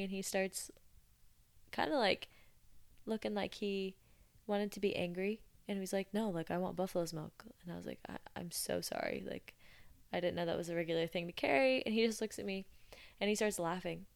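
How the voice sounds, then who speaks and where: A woman's voice: medium pitch, steady tone, fairly quick, gravelly. A young woman hosting a podcast, chatting casually and with amusement as she retells odd customer stories. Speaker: podcast host. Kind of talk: casual storytelling monologue.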